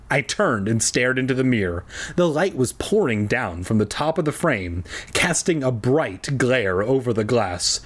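Tipsy man reading a kids' book, lively. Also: medium pitch, unhurried, breathy edge. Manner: irreverent, jokey, swears freely. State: tipsy from drinking. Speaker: reader. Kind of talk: reading a children's book aloud with crude comic asides.

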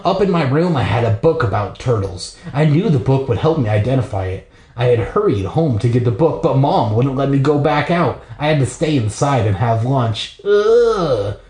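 A man's voice: medium pitch, expressive, normal speed, a little mellow, echoey room. A man hosting a podcast, reading a children's book aloud with irreverent, profane comic asides, recorded in a bathroom.

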